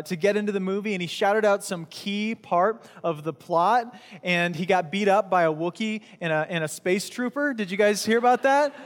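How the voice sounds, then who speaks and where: A man preaching a casual, conversational sermon, joking and bantering with his congregation. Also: sits high. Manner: chatty, jokey, talks with the crowd. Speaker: pastor. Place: church hall with audience. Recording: long hall reverb.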